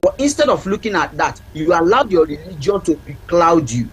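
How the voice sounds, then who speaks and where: A man's voice: a little high, animated, normal speed, a bit bright, breathy edge, poor audio. A man, a parenting counselor and guest on a TV talk show, speaking earnestly and repeating his key points for emphasis. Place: TV studio.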